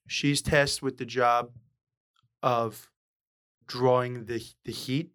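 A man's voice: medium pitch, level tone, a bit bright, clean tone. Opinionated man in casual movie talk. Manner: opinionated, swears casually, drawn-out delivery at times. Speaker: podcast co-host.

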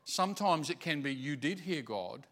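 Man, pastor, sermon storytelling, confessional, stumbling repeats, slightly high voice. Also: animated, moderate pace, a bit bright. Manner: confessional, repeats words while searching for them.

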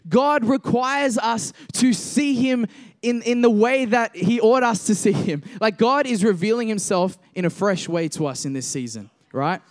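A young man preaching a casual sermon to a congregation, reading scripture, joking with the listeners and slowing down for emphatic points. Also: high voice. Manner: conversational, jokes with congregation, builds to emphatic slow declarations.

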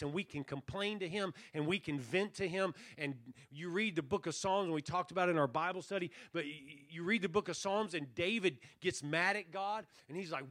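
Pastor at a revival, man with a higher, sharp, ringing voice, dry close sound, earnest preaching that dips quiet then swells. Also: brisk, few pauses, dry recording. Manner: earnest preaching, drops to near-hush then swells on key phrases. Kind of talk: revival sermon. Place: church revival service.

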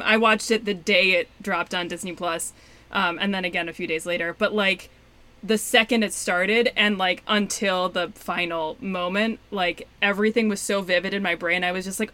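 A woman's voice: mid-range voice, normal speed, pushed and bright. A woman co-hosting a podcast, talking in a chatty, enthusiastic way full of fillers. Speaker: podcast co-host. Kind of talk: casual chat.

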